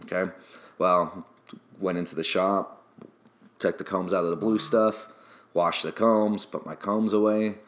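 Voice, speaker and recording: A man's voice: low-pitched, fairly even intonation, unhurried, long pauses, slight background noise. Chatty barber man in an echoey room. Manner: chatty, laughs often, self-deprecating. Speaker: barber, interview guest. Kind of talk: casual storytelling.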